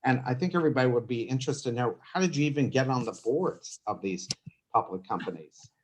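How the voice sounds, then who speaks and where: A man's voice: medium pitch, lively intonation, quick pace, rough recording. A man hosting a podcast, asking long conversational questions of his guest. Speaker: podcast host. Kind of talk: interviewing.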